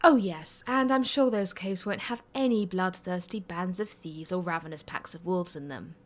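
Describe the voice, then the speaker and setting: A woman's voice: lowish voice, normal speed, close to an everyday voice. A woman voicing an exasperated, sarcastic young male servant in a read-aloud story, complaining in a raised voice.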